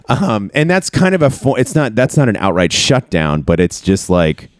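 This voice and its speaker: A man's voice: lowish voice, expressive, normal speed, few pauses, dry recording, clean studio sound. A man talking candidly and ramblingly in a casual podcast chat, swearing now and then. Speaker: podcast host.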